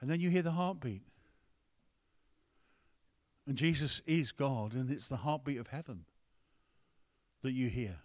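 A man's voice: medium pitch, measured pace, pauses often. A man preaching a conversational sermon, breaking off to ask the room and the tech team for help. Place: church hall with a screen.

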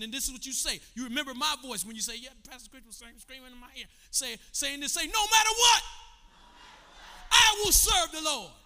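A pastor preaching a sermon, swinging from low, conversational talk to shouted calls to the congregation. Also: male voice, long reverb tail.

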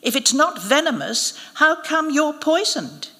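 A woman's voice: fairly high pitch, animated, normal speed, a bit bright, voice pushed up. Woman voicing a taunting, merciless girl. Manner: taunting and dry. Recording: reverberant hall at a live reading.

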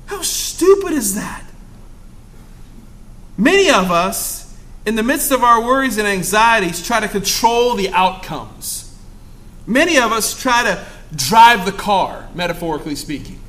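A young male preacher with a high, ringing voice delivers an impassioned sermon. He swings between loud exclamations and quiet, hushed asides. His tone is bright and forceful throughout.

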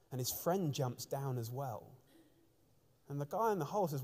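A man's voice: medium pitch, lively intonation, normal speed, a little mellow. A man preaching a sermon from the front of a church, telling stories earnestly, with frequent restarts. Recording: long church reverb.

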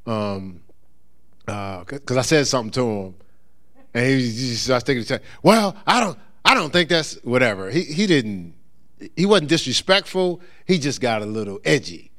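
Lively, animated preacher man. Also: mid-range voice, moderate pace. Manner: conversational preaching, acts out voices of others. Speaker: pastor. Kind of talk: sermon. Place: church.

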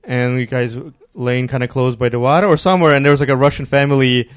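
A man's voice: medium pitch, steady tone, fast, no room sound, studio quality. A man hosting a casual podcast, rambling and laughing as he tells stories and thanks listeners. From immigrant who arrived near his teens. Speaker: podcast host.

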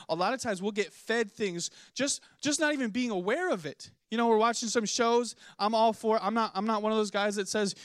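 Energetic young male pastor preaching. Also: sits high, no echo, clean studio sound. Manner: animated storytelling, acts out voices in anecdotes. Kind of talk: sermon. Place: church sanctuary.

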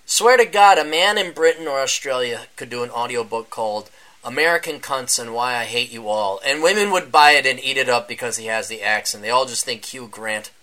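A man hosting a casual solo podcast, rambling and sarcastic, often mocking other people in a high voice. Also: fairly quick, bright, forceful tone. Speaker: podcast host. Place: indoors during a power outage.

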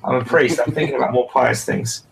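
A man's voice: mid-range voice, fairly even intonation, brisk, creaky, noisy background. A man playing in a tabletop game, talking casually in a joking, tentative way, recorded from a distance. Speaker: player. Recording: distant from the mic.

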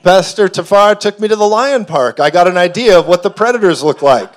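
Fervent male preacher, slightly high voice. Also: animated, fairly quick. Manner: fervent, building to shouts. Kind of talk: sermon. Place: church hall before a congregation.

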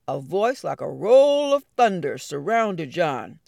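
A woman storyteller telling a folk fable in an expressive, drawn-out way. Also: lowish voice, creaky, no room sound, clean studio sound.

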